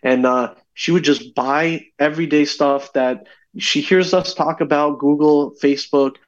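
A man, a podcast guest, chatting casually and telling stories with lively acted-out voices. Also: on the high side, a little slow, muffled recording. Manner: animated storyteller, acts out voices. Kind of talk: casual chat.

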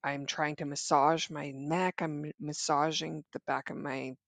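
A woman tells a personal story as an interview guest, her voice gravelly with steady vocal fry. She speaks haltingly, restarting phrases, and the recording is close and dry with no room sound. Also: sits low, no room sound. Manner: halting, frequent restarts and fillers.

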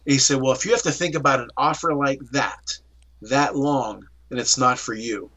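With a medium pitch and normal speed, a middle-aged man from around Pittsburgh relates his story as an interview guest. His telling is animated, complete with acted-out dialogue.

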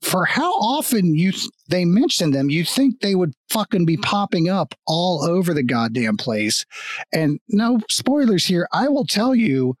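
A man's voice: sits high, big pitch swings, unhurried, no echo. A man co-hosting a casual chat, recapping a TV episode in a loose, profane way with laughs mixed in. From Kansas. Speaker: podcast co-host.

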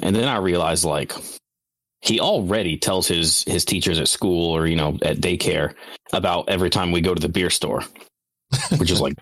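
A man's voice: low voice, normal speed, fairly bright tone, no echo. A young man chatting casually on a podcast, rambling through funny family stories with frequent swearing and laughter. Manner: rambling, swearing storyteller who laughs a lot. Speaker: podcast co-host. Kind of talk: casual chat.

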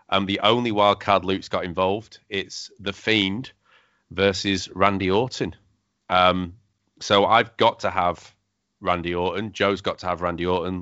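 A man hosting a casual wrestling podcast chat, talking quickly with lots of fillers and restarts. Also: low-pitched, bright, forceful tone, dry recording. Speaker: podcast host. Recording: dull lo-fi sound, dry.

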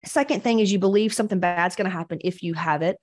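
A woman coaching on weight loss in a blunt, profane, animated motivational talk. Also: fairly low pitch, fast talker.

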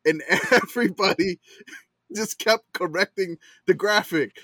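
A podcast co-host in a casual chat, giggly and lively when telling stories. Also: mid-range voice, a little slow, no room sound.

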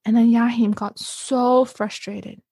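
A woman's voice: on the high side, level tone, slow pace, mellow, husky, no room sound, studio quality. A woman guest on a podcast, telling a story in casual chat with many restarts and repeated words.

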